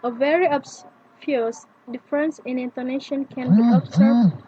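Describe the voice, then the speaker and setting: A young adult woman, a native Indonesian speaker, reading a prepared pronunciation lesson aloud and slowly repeating example words. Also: high voice, lively intonation. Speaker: student presenting pronunciation lesson. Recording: dull lo-fi with faint noise.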